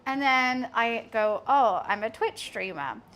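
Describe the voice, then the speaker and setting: High-voiced chatty woman streamer. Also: expressive, slow pace, background noise. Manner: chatty, self-mocking, laughs often between lines. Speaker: live streamer. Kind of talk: casual chat to a live stream audience while cooking. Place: home kitchen.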